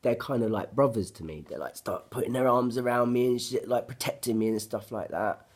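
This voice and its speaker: A man's voice: mid-range voice, fairly quick. A man, telling a personal story to camera in an agitated, profane, blunt ranting way. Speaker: vlogger.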